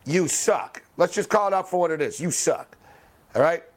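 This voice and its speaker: A man's voice: lively intonation, moderate pace. Ranting sports radio host, man. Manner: angry, swearing, heckling athletes by name; bursts of loud high-pitched exclamation. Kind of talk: ranting late-night sports talk radio.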